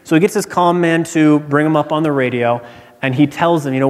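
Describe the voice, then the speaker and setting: A pastor preaching a sermon in a relaxed, conversational storytelling way that builds to emphatic repetition. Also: male voice, on the high side, a little fast. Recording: church hall reverb.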